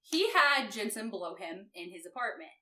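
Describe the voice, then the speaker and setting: A woman recapping a novel in casual podcast chat, animated, swearing and laughing often. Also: medium pitch, normal speed. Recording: roomy echo, distant mic.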